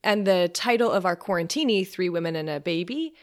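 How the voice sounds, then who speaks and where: Bubbly podcast co-host woman, lowish voice. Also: lively intonation, a little fast. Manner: bubbly, laughs often. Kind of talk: casual podcast chat.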